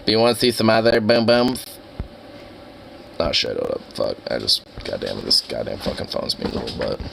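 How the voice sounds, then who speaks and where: A man's voice: very deep voice, huge pitch swings, fairly quick, creaky, a bit bright, slight background noise. A man chatting casually on a live stream, rowdy and profane, laughing often. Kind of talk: casual chat.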